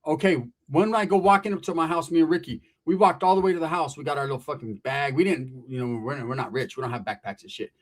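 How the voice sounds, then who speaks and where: A man telling a wild story casually, profane and animated, jumping in and out of acted quotes. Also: on the high side, quick pace, hardly any pauses.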